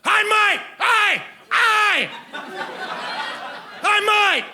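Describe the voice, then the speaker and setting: A man putting on a shrill, shouting Aussie street bloke. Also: expressive, drawn-out words, crowd noise, exaggerated voice. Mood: shouting eagerly. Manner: shouting, high-pitched, insistent. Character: loud, eager young man hailing a stranger on the street. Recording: noisy live audience laughter.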